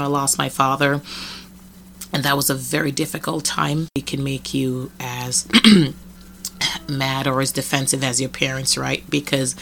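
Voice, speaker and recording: Low-voiced woman from Jamaica, earnest podcaster. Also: creaky, a bit bright, a little hiss or hum. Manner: earnest, frequent "you know" and "right?". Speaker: podcast host. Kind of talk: reflective solo podcast monologue.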